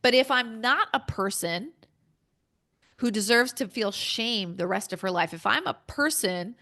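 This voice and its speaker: A woman's voice: a little high, animated, unhurried, bright, forceful tone. A woman speaking as a podcast guest, candid and emphatic, acting out her own inner dialogue as she talks.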